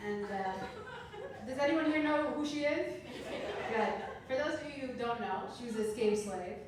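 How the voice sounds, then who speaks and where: Recorded from a distance in a roomy club with background noise, a Canadian comedian of thirty works through her stand-up set at normal speed. Her fairly high voice is animated and playful, and she laughs at her own jokes.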